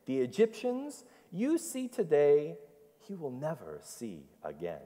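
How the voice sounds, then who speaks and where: A man preacher voicing Moses as a calm, reassuring leader, in a church hall with long reverb. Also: on the high side, measured pace, pitched above the performer's own voice. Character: calm, steady old male leader Moses.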